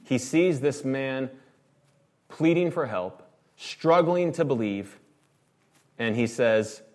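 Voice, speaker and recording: A man's voice: mid-range voice, animated, takes it slowly, a little mellow. Man preaching with rhetorical questions. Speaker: pastor. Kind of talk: sermon.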